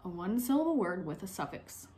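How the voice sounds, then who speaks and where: A young woman teacher giving a recorded phonics lesson to young pupils, speaking clearly, asking questions and pausing for answers. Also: medium pitch, very animated, dark tone. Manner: slow, clear, encouraging teacher talk, asks questions and pauses.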